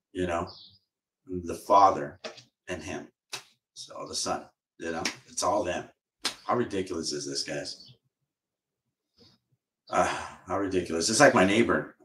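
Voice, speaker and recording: Guy ranting on a stream, kinda low voice, swears a lot, rambles, sits back from the mic in an echoey room. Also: a little slow, pauses often, fairly bright tone, slight background noise. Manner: rambling, repeats himself, swears freely. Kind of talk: casual livestream rant. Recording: roomy echo, far from mic.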